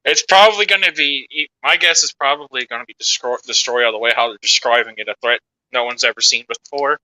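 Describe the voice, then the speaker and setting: Loud blunt man, off from the mic. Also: mid-range voice, brisk, no echo, rough recording. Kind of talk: casual chat.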